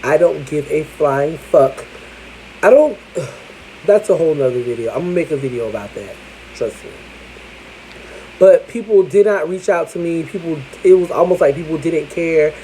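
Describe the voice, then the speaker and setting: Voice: medium pitch, expressive, moderate pace, warm tone, slight background noise, low-quality recording. A vlogger telling a personal story to the camera in a candid, chatty way, with casual swearing.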